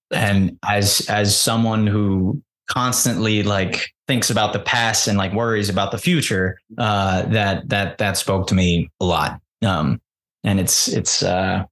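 A man sits as an actor guest in a relaxed interview. His voice sits slightly low, and he talks with lively, self-deprecating energy, laughing often and restarting his sentences. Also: measured pace. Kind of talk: casual chat.

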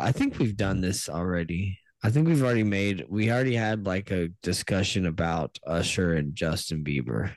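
A man's voice: deep voice, normal speed, few pauses, no echo. A man co-hosting a casual, crude comedy chat, rambling and often laughing mid-sentence.

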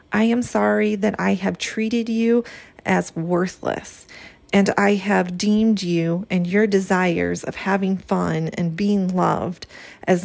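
Woman reading a healing prayer from her journal, soft and earnest, bit of vocal fry. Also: medium pitch. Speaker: podcast host.

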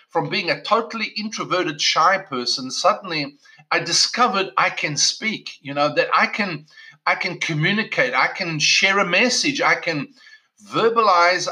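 A man's voice: on the high side, sharp tone, low-quality recording. A middle-aged man from South Africa, a pastor telling his own story in a conversational way, with many restarts. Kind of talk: personal testimony talk.

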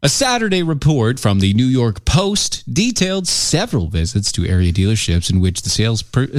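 A man's voice: medium pitch, no room sound, studio quality. A man co-hosting a casual political podcast, emphatic and incredulous as he reads news items aloud. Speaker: podcast co-host.

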